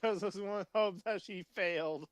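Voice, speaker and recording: A man's voice: high-pitched, normal speed, clear, resonant tone, dry recording. A man co-hosting in casual comedic chat, rambling and swearing with lots of fillers. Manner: rambling, profane riffing with fillers.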